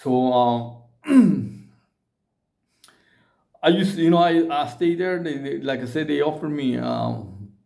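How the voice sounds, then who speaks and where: A middle-aged man from Mexico, telling a story to camera in halting, repetitive English mixed with Spanish slang. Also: on the high side, vocal fry, warm tone. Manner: halting, many repeated words and restarts. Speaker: vlogger.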